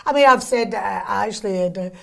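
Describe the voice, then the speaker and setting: A Scottish woman from Scotland, a guest in an interview, talking in a casual way and telling lively stories with quick, wry humour. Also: medium pitch, creaky, a crowd in the background.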